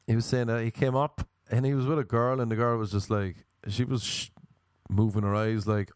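A young adult man, telling a comic story in a casual, animated way, full of asides and impressions. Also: lowish voice, brisk, dry recording. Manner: animated, mimics people, rambling asides.

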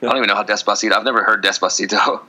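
A hoarse man co-hosting a podcast, chatting casually in a sarcastic, rambling way. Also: fairly low pitch, fairly even intonation, racing, bright, forceful tone. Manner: sarcastic, rambling, breaks into sung jingles. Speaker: podcast co-host. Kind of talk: casual joking chat.

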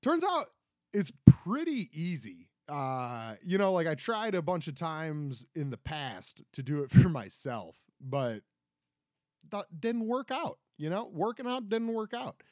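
A man's voice: fairly high pitch, sing-song, measured pace, dry recording, clean studio sound. A man in his twenties hosting a casual solo podcast, rambling and self-deprecating with many restarts. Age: 20s. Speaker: podcast host. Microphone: close podcast mic.

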